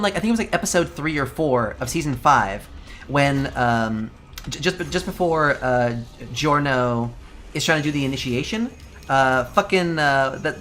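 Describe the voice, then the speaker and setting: A man's voice: mid-range voice, a bit bright. Profane ranting man streaming live. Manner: chatty, reads and answers chat. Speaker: game streamer. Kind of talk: casual live-stream chat.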